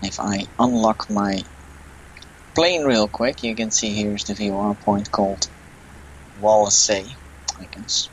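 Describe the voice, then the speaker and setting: A man's voice: on the low side, fairly even intonation, measured pace, long pauses, a little hiss or hum, rough recording. A young man with a Dutch accent, commenting casually on a flight simulator game and thinking aloud, unsure of himself. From Netherlands. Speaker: flight sim gamer.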